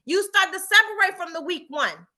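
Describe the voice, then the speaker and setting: A woman's voice: very high-pitched, lively intonation, moderate pace, bright, forceful tone. A middle-aged woman telling a story and giving a motivational talk, with emphatic repetition and a preachy tone. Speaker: motivational speaker.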